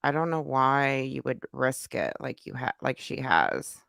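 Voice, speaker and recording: A woman reacts live to a video, chatting loosely and reading out viewers' comments. Her voice is bright and smooth with a gravelly edge, recorded close and dry. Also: a bass voice, big pitch swings, unhurried, dry recording. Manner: chatty, reads chat comments aloud. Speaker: reaction streamer. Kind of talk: casual live reaction chat.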